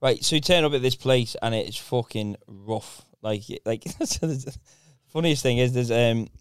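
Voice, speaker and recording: A man's voice: medium pitch, measured pace, clear, resonant tone, no room sound, clean studio sound. A comedian telling a story about a bad gig in casual chat, slangy and laughing as he goes. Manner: laughs through his stories, slangy. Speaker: stand-up comedian.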